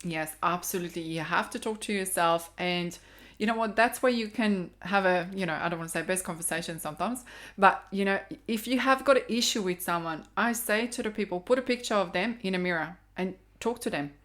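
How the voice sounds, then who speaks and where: A woman's voice: mid-range voice, brisk, fairly bright tone. A middle-aged woman with a Croatian accent, talking earnestly as a podcast guest and life coach, stressing and repeating her key points. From Balkans. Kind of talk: casual podcast conversation.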